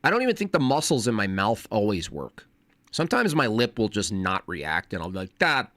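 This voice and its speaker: A man on a casual livestream, talking fast and wordily with frequent restarts. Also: lowish voice, big pitch swings, fairly bright tone, dry recording. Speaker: streamer.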